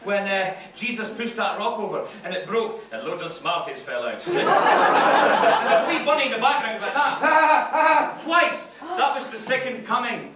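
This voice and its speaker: A man's voice: sits high, animated, a little slow, very noisy. A man doing live stand-up, rambling and self-mocking, laughing as he goes. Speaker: stand-up comedian. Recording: distant mic in an echoey cave venue with loud crowd.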